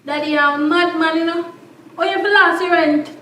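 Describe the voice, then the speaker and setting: A woman's voice: sits high, fairly quick, a little hiss or hum, lightly acted. An actress with a Jamaican accent playing an adult daughter who scolds and pleads with her broke father. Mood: scolding. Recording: roomy, distant camera mic.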